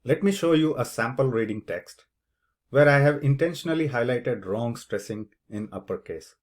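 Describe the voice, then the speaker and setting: A man's voice: mid-range voice, lively intonation. A man teaching as an English test tutor, explaining the speaking task step by step and saying example words aloud to show where the stress goes. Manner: slow, deliberate, demonstrates word stress aloud. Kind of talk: instructional explanation.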